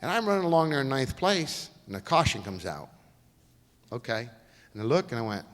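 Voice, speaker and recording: A man's voice: medium pitch, a little fast. Folksy man in a reverberant hall. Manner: folksy, lively, acts out quoted voices. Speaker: guest speaker. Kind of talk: storytelling lecture. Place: lecture hall.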